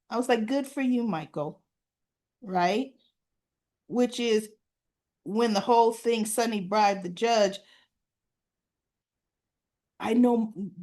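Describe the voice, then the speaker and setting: Slow-talking woman recapping soap scenes. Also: fairly high pitch. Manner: animated, talks back to characters, acts out quoted lines. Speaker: soap opera reviewer. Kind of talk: casual recap commentary.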